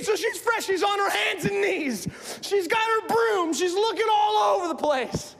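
Male pastor, animated shouting preacher, gravelly, long church reverb. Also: very high-pitched, measured pace. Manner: animated, often shouting storyteller. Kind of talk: sermon. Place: church sanctuary. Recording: echoey church hall.

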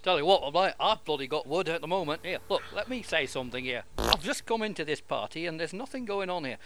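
A man's voice: on the high side, expressive, fast talker, background noise. A man playing a lecherous old male time-traveling entertainer in bawdy, blustering improv comedy, with an audience crowd behind. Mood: leering.

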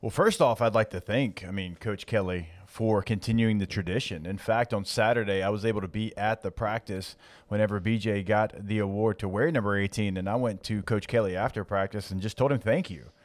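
A man's voice: lowish voice, fairly even intonation, brisk. Guy co-hosting a sports podcast, earnest, lots of "like" and "i mean", studio chat. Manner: earnest, heavy use of "like" and "I mean". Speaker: podcast co-host, former player.

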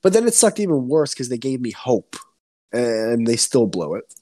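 A young man from New Jersey rants on a casual podcast, swearing freely and getting worked up. His talk is loose and animated, full of restarts. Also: medium pitch, normal speed. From Central New Jersey. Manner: animated, swears a lot, ranting. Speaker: podcast co-host. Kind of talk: casual chat.

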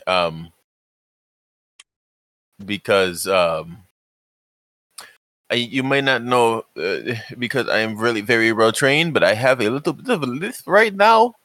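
A man speaking in character in a tabletop role-play game, stammering and repeating words, with lively jumps in pitch. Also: no room sound. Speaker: player.

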